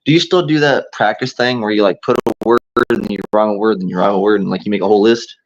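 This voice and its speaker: A man's voice: fairly low pitch, quick pace. A man chatting casually as a podcast co-host, rambling loosely with fillers and restarts. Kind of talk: casual chat. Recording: dull, muffled lo-fi sound.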